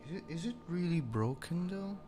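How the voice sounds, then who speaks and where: A man on a live stream, talking slowly in frustrated mutters, swearing and sighing. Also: a little high, expressive, mellow. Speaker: maker streamer.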